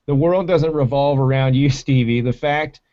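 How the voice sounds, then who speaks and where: A man hosts a casual livestream, spinning profane, rambling stories with plenty of animation. His voice sits at a middling pitch and comes through a desk mic and mixer. The stream audio sounds dull and lo-fi. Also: normal speed, warm tone. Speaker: livestream host.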